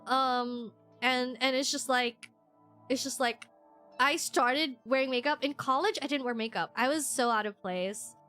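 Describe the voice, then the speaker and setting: Young woman streamer, somewhat high and very bright, rambling chat that keeps restarting, self-deprecating with frequent giggles. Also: measured pace, faint music behind. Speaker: VTuber streamer. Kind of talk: casual chat while streaming a game.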